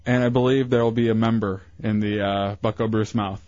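A man's voice: on the low side, steady tone, a little fast, darkish tone, dry recording. Laid-back male radio co-host. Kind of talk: casual radio banter. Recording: lo-fi radio broadcast with music.

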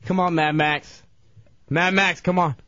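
A man co-hosting a radio show, ranting and yelling taunts in a broadcast studio. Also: a little high, steady tone, measured pace, dull audio. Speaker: radio show co-host, prank victim. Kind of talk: radio banter.

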